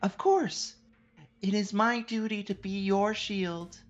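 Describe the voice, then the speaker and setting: A woman voicing a calm, dutiful young female knight in a stiff, formal fan dub reading. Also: mid-range voice, takes it slowly, dull audio, close to an everyday voice.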